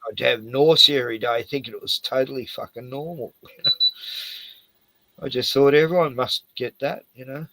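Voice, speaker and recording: A man's voice: medium pitch, steady tone, normal speed, noisy background. An older man, a retired house painter, rambling and swearing through a casual chat with lots of "you know".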